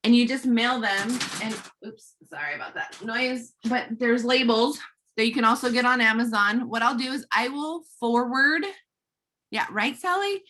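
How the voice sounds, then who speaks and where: A woman giving casual selling tips on a group call, chatty, with quick asides and little acted-out dialogues. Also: on the high side, bright, forceful tone. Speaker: network marketing presenter.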